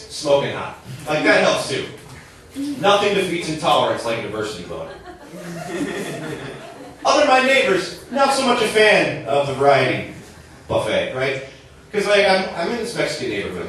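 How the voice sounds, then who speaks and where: This is a chatty stand-up set by a young southern Minnesota man on a bar stage, his delivery conversational and packed with "like" and "right." His voice is medium in pitch with a fairly bright tone. Recorded from afar in an echoey bar, it carries a little hiss or hum.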